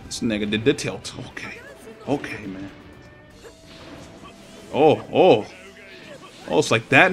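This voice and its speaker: A man's voice: medium pitch, normal speed, long pauses, faint music behind. A young man giving casual gameplay commentary, swearing and trash-talking as he plays. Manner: profane, trash-talking, excitable. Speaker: gaming commentator.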